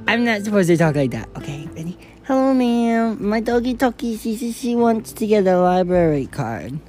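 A woman's voice: mid-range voice, very animated, normal speed, few pauses, darkish tone, soft background music. A woman hosting a playful comedy vlog, teasing her dog and talking to it like a baby.

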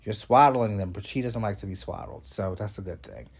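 A man's voice: lowish voice, lively intonation, a little fast, creaky, a little mellow, husky. A man with a congested voice, hosting a casual vlog update and rambling chattily with fillers and asides. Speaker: show host.

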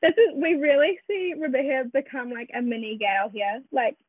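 A woman co-hosting a podcast over a remote call, chiming in with quick, enthusiastic reactions. Her voice is high. It comes through a tinny, phone-like line with no room sound at all. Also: slightly rough, no echo. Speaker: podcast co-host. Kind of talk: casual film chat.

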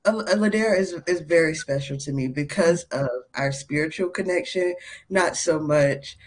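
Animated young woman guest. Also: sits low, moderate pace. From North Carolina, USA. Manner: animated, laughs often, many fillers. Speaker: podcast guest. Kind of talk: casual interview storytelling.

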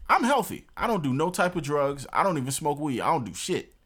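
A man's voice: a little high, big pitch swings, a little fast, fairly bright tone, breathy edge. Opinionated young man ranting emphatically. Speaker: podcast host. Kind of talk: casual chat.

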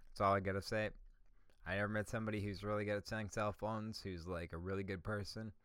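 Profane ranting man, low-voiced. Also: little pitch movement, fast, fairly bright tone, clean tone, no echo, studio quality. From Canada. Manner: swears constantly, ranting, says "bro" and "dog". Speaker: podcast host. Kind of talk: profane solo podcast rant.

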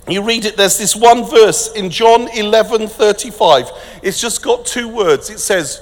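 A man preaching an energetic, jokey festival sermon that turns hushed and tender, recorded in a large venue with long reverb. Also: high-pitched, measured pace, few pauses.

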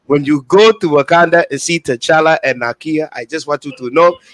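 A man throws crude jokes into a loose podcast chat. His voice sits fairly high for a man. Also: normal speed. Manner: joking, crude banter. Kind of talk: casual chat.

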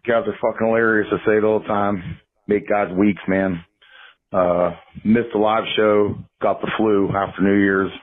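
A man's voice: lowish voice, little pitch movement, moderate pace. A man calling in to a podcast, rambling in a friendly, profane way, over a tinny phone line. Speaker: caller. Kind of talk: phoned-in voicemail.

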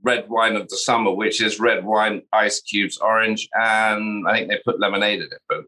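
Co-host guy rambling, offhand, bright punchy voice. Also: on the low side, steady tone, moderate pace. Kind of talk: casual chat.

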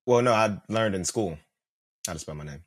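A man's voice: low-pitched, animated, moderate pace, slightly rough. A man co-hosting a casual podcast who teases his co-host and laughs often.

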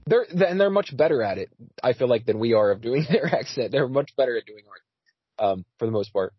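A man's voice: mid-range voice, expressive, a little fast, breathy edge, no echo. A man hosting a casual podcast chat, talking with frequent fillers and restarts. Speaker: podcast host. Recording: dry, slightly dull audio.

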